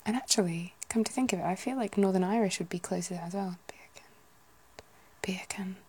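British woman whispering asmr chat, low husky voice w/ some fry, rambly and soft. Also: quick pace. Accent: British English. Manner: soft, rambling, musing aloud.

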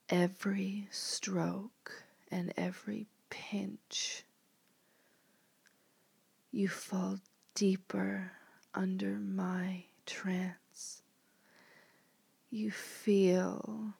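A woman in a whispered role-play, speaking as a commanding mistress in a slow, hypnotic whisper. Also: medium pitch, creaky, darkish tone, husky, dry recording.

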